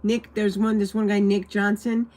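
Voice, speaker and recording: A woman's voice: mid-range voice, level tone, moderate pace, a little mellow. A woman rambling casually on a livestream, answering questions from viewers.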